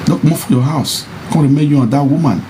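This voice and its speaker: A man with a Nigerian Pidgin accent preaching about marriage to men in a monologue. He repeats his points and rises into high mocking taunts. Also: quick pace, noisy background. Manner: insistent and repetitive, mocking, rising to high taunts. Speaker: social media personality.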